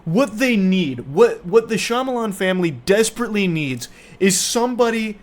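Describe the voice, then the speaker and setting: A man's voice: high-pitched, lively intonation, moderate pace. A man from the United States, a streamer, ranting about a movie in a casual, sarcastic and profane way. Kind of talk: casual movie review rant.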